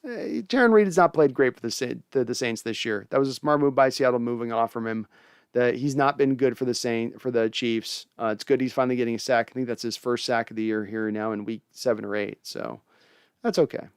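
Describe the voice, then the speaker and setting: A man's voice: mid-range voice, brisk, clear, resonant tone, dry recording, clean studio sound. A young man hosting a casual sports fan show, reading viewer comments and giving opinionated takes with frequent restarts.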